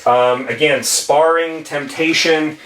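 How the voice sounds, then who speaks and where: Teaching legal tips at a whiteboard, this male attorney speaks slowly in a higher, somewhat bright voice with fairly even intonation, emphatically repeating key phrases in a conversational style. A distant camera mic picks him up in an echoey room, with a little hiss or hum.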